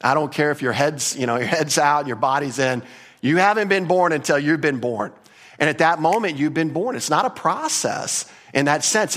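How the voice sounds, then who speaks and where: A man's voice: on the high side, a bit bright. A man preaching a sermon in an emphatic, conversational way, repeating key points and adding casual asides. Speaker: pastor.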